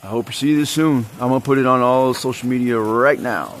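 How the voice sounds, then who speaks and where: A man's voice: medium pitch, fairly quick. Rambling, agitated man venting. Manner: agitated, rambling, heavy swearing. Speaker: vlogger. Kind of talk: rambling monologue to camera.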